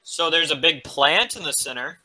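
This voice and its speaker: A man's voice: on the high side, normal speed, background noise. A man playing a tabletop role-playing game, blunt and boastful. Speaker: player.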